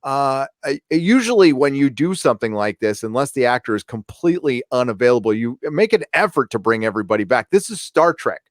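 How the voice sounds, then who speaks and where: A man's voice: medium pitch, big pitch swings, a little fast, hardly any pauses, dry recording, studio quality. A man co-hosting a casual live-stream chat, rambling with hesitations and blunt, profane opinions. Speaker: co-host.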